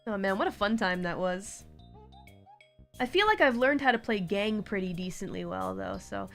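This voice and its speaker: A woman hosting a relaxed live stream from home, chatting casually, laughing often and cooing at her cat. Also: medium pitch, normal speed, vocal fry. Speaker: livestream host. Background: faint background music.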